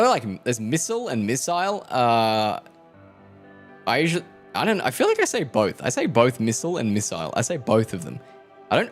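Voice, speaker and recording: A man in his twenties chats loosely with viewers on a live stream. He rambles, jokes and swears as he goes, with faint music playing behind him. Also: medium pitch. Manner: rambling, joking, swears freely, talks to chat. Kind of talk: casual stream chat with viewers.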